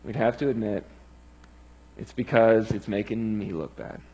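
Husky-voiced man preaching earnestly. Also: fairly low pitch, moderate pace, a little mellow, poor audio. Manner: earnest, emphatic. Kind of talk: sermon.

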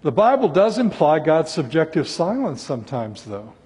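A man's voice: a little high, sing-song, moderate pace, few pauses, a little mellow, breathy edge. A male preacher giving an earnest sermon, voicing scripture laments with rising intensity. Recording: long hall reverb.

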